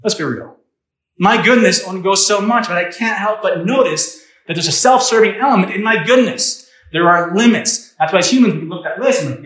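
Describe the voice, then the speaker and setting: Male pastor, slightly high voice, chatty sermon delivery with questions to the room, echoey church. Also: expressive, normal speed, fairly bright tone. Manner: conversational, asks the congregation questions.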